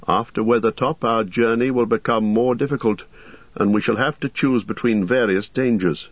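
A man's voice: mid-range voice, steady tone, no room sound, pitched above the performer's own voice, close to an everyday voice. Strider, a grave ranger, as a man reads him. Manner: slow, solemn and measured. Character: grave weathered male ranger, watchful. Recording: slightly muffled recording.

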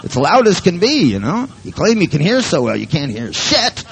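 An exasperated dog scolds its slow owner in a squeaky, nagging voice, swearing as it goes, as a man puts it on. The pitch leaps far above a normal speaking voice, and the lines swing widely up and down. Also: wildly swooping pitch, creaky, full character voice.

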